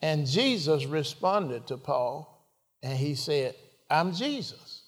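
A man preaching a sermon, unhurried, asking rhetorical questions and rising to sudden emphatic lines. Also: a little high, expressive. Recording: long reverb of a large hall.

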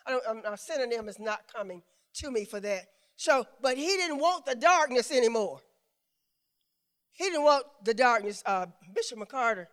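A woman preaching a sermon in call-and-response, having the congregation repeat phrases, swinging from loud drawn-out exclamations to quick quiet asides. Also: a little high.

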